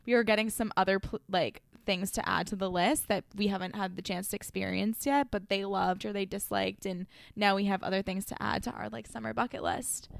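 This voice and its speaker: A woman's voice: mid-range voice, fairly even intonation, fairly quick, vocal fry, hardly any pauses. A young woman co-hosting a podcast in casual chat, laughing and saying "like" a lot. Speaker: podcast co-host. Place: lives in Boston.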